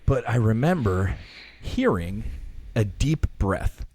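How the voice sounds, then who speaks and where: A man in his fifties, a podcast guest telling a personal story in an earnest, halting way, often restarting his sentences. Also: fairly low pitch, big pitch swings, darkish tone, husky, dry recording. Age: 50s.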